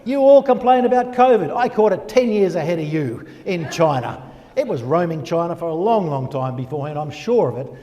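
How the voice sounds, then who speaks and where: A man's voice: on the high side, brisk. Older man telling his story in a church hall. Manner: animated storyteller, rhetorical questions answered himself. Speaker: guest speaker. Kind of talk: personal testimony talk. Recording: long reverb of a church hall.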